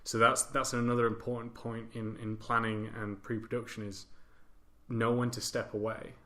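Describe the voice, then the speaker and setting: A man's voice: medium pitch, level tone, moderate pace, bright, forceful tone. A man hosting a casual podcast discussion, chatty and informal with a self-deprecating touch. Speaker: podcast host.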